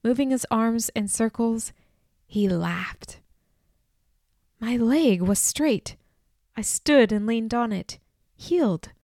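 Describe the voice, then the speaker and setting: Woman, audiobook narrator, first-person storytelling, measured reading, dry close recording. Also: on the high side, animated, dark tone, no echo.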